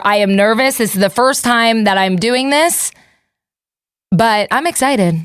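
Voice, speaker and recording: A woman's voice: on the high side, lively intonation, unhurried, a bit bright, smooth, no echo, clean studio sound. A woman in her thirties hosting a podcast, rambling and self-deprecating in casual chat. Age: 30s. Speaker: podcast host.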